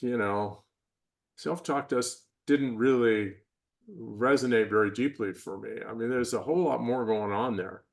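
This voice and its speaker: An older man speaking as a podcast interview guest, reflective and measured, sometimes acting out the voices he describes. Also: medium pitch, vocal fry. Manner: reflective, measured, acts out inner and parental voices. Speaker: guest, performance psychologist. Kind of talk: conversational interview.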